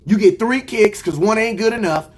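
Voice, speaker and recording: Animated, slangy young man ranting about football. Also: high voice, normal speed, noisy background. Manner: animated, slangy, acts out imagined conversations. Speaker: sports reaction streamer. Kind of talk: casual fan rant.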